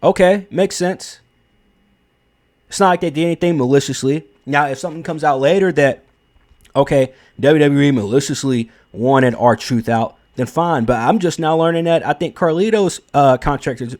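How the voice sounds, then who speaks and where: Offering casual opinions on wrestling, this young host is blunt and emphatic, swears here and there, and thinks out loud with fillers and restarted sentences. He speaks at a normal speed with a darkish tone, his voice sitting slightly higher than most men's.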